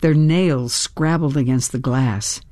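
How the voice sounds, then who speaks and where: Woman narrator, unhurried first-person audiobook read, dry close sound. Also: a bass voice, mellow, dry recording. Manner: measured storytelling, tense in action scenes.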